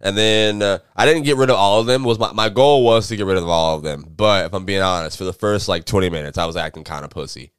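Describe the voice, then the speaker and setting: A man's voice: low-pitched, fast talker, hardly any pauses, clear, resonant tone, dry recording, clean studio sound. A young man from Florida hosting a podcast, talking in a laid-back, slangy way and laughing often. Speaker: podcast host. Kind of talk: casual chat.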